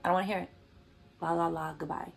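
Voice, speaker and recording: Woman playing a dismissive man, mocking singsong refusals, raspy-gravelly. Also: fairly low pitch, little pitch movement, quick pace, slight background noise. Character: dismissive man brushing off complaints.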